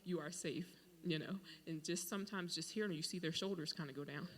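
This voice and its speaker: A man's voice: on the high side, fairly quick. A man who works as a school administrator, talking earnestly in a casual podcast discussion and acting out what he says to children. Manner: earnest, animated storytelling with acted-out quotes.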